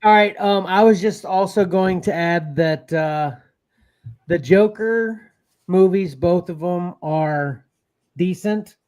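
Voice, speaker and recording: A man's voice: sits high, takes it slowly, a little mellow, clean tone. A man co-hosting a casual podcast chat, talking loosely with frequent laughs and trailing phrases. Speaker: co-host.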